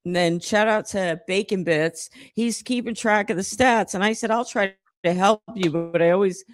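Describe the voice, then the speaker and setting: A woman's voice: medium pitch, normal speed, a little hiss or hum. Giggly woman chatting casually. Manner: giggly, chatty, drifts off track. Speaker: stream host. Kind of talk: casual gossip chat.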